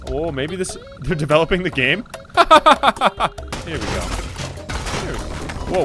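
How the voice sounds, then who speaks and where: Young let's play host, excitable and shrieking, over clear game music. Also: medium pitch, measured pace, long pauses. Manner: excitable, bursts into shrieks and laughter. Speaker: gaming video host.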